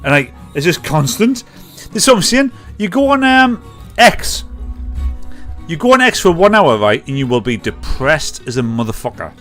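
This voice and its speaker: A man's voice: fairly high pitch, very animated, moderate pace, a bit bright, faint music behind. A tipsy man hosting a live comedy show, rambling, swearing and laughing at his clips. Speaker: livestream comedy host.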